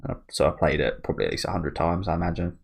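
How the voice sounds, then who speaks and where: A man's voice: low-pitched, expressive, very fast, creaky. A young man casually chatting through a manga read-along, chuckling often and cutting himself off mid-sentence. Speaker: manga reaction channel host.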